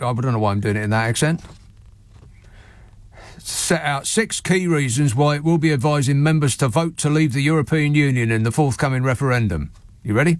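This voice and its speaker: A man hosting a late-night radio phone-in, delivering a sarcastic, mocking monologue with lively asides. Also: mid-range voice, brisk, no echo. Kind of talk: sardonic talk radio monologue.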